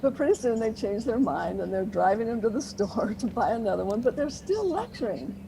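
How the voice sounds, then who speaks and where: A woman's voice: a little high, big pitch swings, brisk, vocal fry. A woman explaining parenting ideas as an interview guest, earnest and teacherly, with light laughs now and then. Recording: noisy interview recording.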